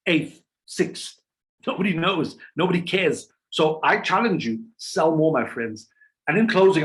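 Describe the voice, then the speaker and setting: A man giving an energetic business coaching talk, full of rhetorical questions and playful quoted voices. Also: a little high.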